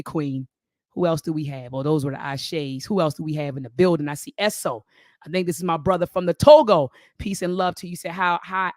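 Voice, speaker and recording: A middle-aged woman hosting a live-stream commentary show, talking to her viewers as family, lively and repeating her phrases. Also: lowish voice, no echo, clean studio sound. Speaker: host.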